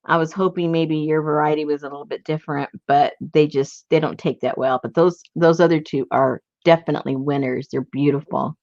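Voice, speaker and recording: A woman hosting a casual craft livestream, tired and soft-spoken, laughing often as she chats. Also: low voice, fairly even intonation, a little fast, hardly any pauses, dry recording. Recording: dull lo-fi sound.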